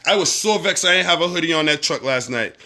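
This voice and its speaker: A Barbadian man hosts a casual livestream, chatting loosely and shouting out his viewers by name. His voice sits a bit high for a man and has a bright, sharp edge. He swears freely and laughs often. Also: animated, quick pace. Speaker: livestream host. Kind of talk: casual livestream chat reading viewer comments.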